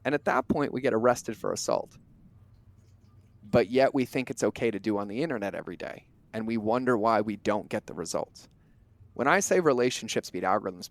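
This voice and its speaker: A man as a podcast guest, talking in an emphatic, animated way with casual language and occasional swearing. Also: fairly low pitch. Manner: emphatic, animated storyteller who acts out quoted exchanges. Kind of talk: conversational interview talk.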